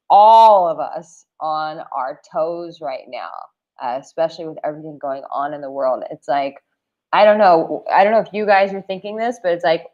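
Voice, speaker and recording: A woman's voice: fairly low pitch, dull audio. A woman dating coach chatting casually on a live stream, bubbly and laughing often as she greets viewers. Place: home in Bali, early morning.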